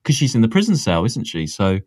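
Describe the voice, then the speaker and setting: A man's voice: fairly low pitch, very animated, fairly quick, a little mellow, no echo. A man co-hosting a podcast in casual chat, easygoing and chuckling often. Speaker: podcast co-host.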